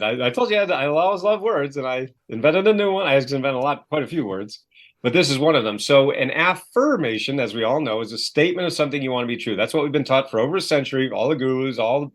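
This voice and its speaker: Animated man telling stories. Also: mid-range voice. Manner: lively storyteller who acts out quoted voices. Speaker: guest, self-help author and coach. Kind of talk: animated podcast interview.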